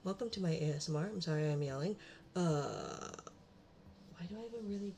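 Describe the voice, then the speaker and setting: A woman's voice: lowish voice, fairly quick, dark tone, a little hiss or hum. A young woman hosting a casual live stream from her home desk, rambling and muttering self-mocking remarks to herself as she sets up. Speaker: livestream host. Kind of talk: casual live-stream chat while setting up.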